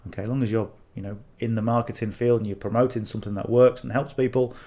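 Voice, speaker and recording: Speaking fast in a level, dark-toned, medium-pitched voice, this middle-aged northern English man chats casually to camera. He's an affiliate marketing coach whose rambling advice is peppered with "okay?" and "you know" check-ins.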